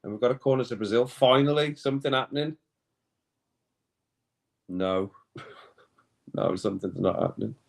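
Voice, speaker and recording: A man's voice: medium pitch, expressive, moderate pace, gravelly, pauses often. A man hosting a casual watch-along stream, chatting with viewers and often laughing. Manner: chatty, reads chat comments aloud, laughs often, reacts to play. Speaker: live stream host.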